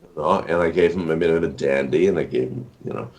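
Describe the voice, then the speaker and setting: Rambling deep-voiced older man. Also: fast talker, a little mellow. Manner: rambling, many fillers and restarts. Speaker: author and actor, interview guest. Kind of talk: casual interview talk.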